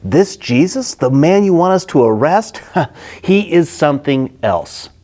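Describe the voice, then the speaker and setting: A man acting out earnest, amazed temple officers with a lively voice. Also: fairly high pitch, a little slow. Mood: awed. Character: awed male temple officers.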